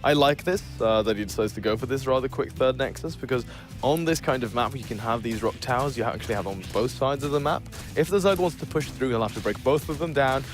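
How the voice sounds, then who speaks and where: Man casting a strategy game, dry wit. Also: medium pitch. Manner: dry joking banter, then steady analysis. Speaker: esports caster. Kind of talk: play-by-play game commentary.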